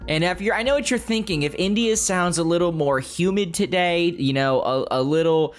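A man's voice: high-pitched, moderate pace, faint music behind. A man from Delaware hosting a casual podcast, joking with friends and reading chapter recaps. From Delaware, USA. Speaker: podcast host.

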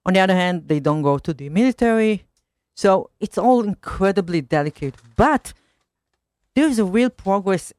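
An Israeli journalist with an Israeli accent is interviewed as a guest in a radio studio, with no echo. Her voice is lowish and darkish, with lively intonation at normal speed. She is hesitant, often restarting and repeating words as she finds her thought.

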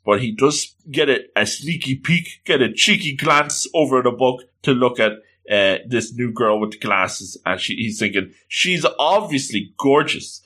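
Male storyteller, exclamatory and animated, bright tone, voices the characters. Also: medium pitch, normal speed, hardly any pauses. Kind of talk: casual retelling of a comic story.

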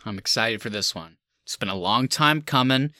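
A man's voice: medium pitch, moderate pace, sharp tone, no room sound, studio quality. A man co-hosting a movie review podcast in casual chat, with sarcastic mock speeches and frequent laughter. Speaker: podcast co-host.

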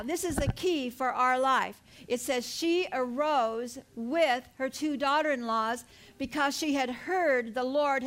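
A woman's voice: sits high, a bit bright. An older woman preaching an earnest sermon, telling her own story and rising to fervent emphasis. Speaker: pastor.

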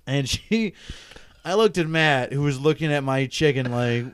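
A man's voice: fairly high pitch, moderate pace, smooth. A man co-hosting a casual chat, retelling a story with lots of laughter. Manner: laughs often while telling stories, animated retelling. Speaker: podcast co-host.

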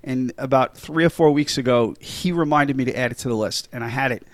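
A man's voice: mid-range voice, brisk, no room sound. A middle-aged man hosting a casual movie podcast, chatty and enthusiastic, with many fillers and restarts. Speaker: podcast host.

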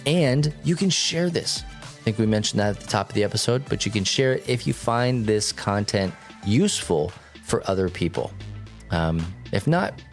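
A young man co-hosting a casual podcast, talking in an animated, jokey way with quick asides. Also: on the low side, faint music behind. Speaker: podcast co-host.

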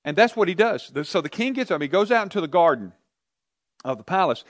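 Male Bible teacher, animated storyteller, lively pitch, quizzes his group. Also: quick pace, dry recording, clean studio sound. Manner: animated storytelling, asks the class questions.

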